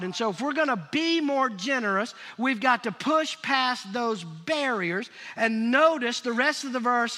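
High-voiced pastor preaching in an echoing hall. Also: male voice, sharp tone. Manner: emphatic, prods the congregation to call out answers. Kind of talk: sermon. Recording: long reverb of a large hall.

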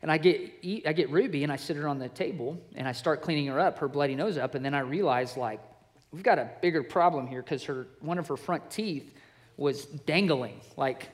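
A man in his thirties preaching to men, telling a family story in an earnest, conversational way that builds into forceful preaching. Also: on the high side, fairly quick. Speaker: pastor. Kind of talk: sermon to men, personal storytelling.

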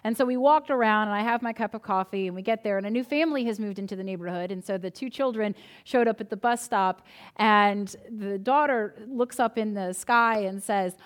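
A woman's voice: mid-range voice, a little fast. A woman pastor preaching a sermon, telling a story in a conversational way before turning to earnest reassurance.

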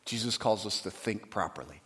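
A pastor delivering a sermon, moving between quiet, conversational asides and loud, emphatic preaching, acting out quoted voices. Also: male voice, fairly low pitch, animated, fairly quick. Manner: acts out quoted voices dramatically.

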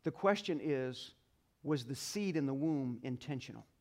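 A male pastor preaching a sermon to a congregation, leading call-and-response, swinging between quiet asides and loud exclamations. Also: medium pitch, expressive, moderate pace. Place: church sanctuary.

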